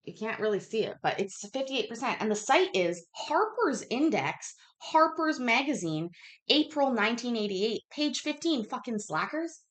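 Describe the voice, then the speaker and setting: A woman rants with exasperation, her voice swooping high and low as she swears and fires off rhetorical questions. Her pitch sits a little above the usual for a woman. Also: big pitch swings, normal speed, a bit bright. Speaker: channel host. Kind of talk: casual ranting commentary.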